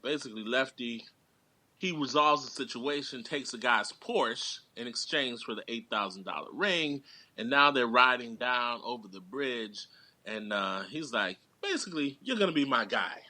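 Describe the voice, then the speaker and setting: Man, movie guest, animated retelling, very bright tone, dry close sound. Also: mid-range voice, normal speed, dry recording. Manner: animated storytelling, quoting characters in voices. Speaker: guest actor and writer. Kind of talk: casual movie review chat.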